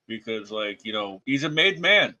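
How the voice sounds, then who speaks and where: A man's voice: on the low side, very animated, moderate pace, bright, forceful tone, no echo. A man co-hosting a wrestling podcast in casual chat, loose and rambling, with frequent stammers. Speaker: podcast co-host. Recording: dull lo-fi mic.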